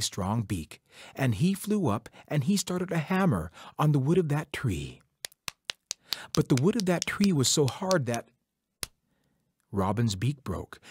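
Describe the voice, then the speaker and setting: A man telling a traditional folk tale in a rhythmic, repetitive, measured way. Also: medium pitch, darkish tone, husky, no echo, clean studio sound. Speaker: storyteller. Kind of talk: oral folk-tale storytelling.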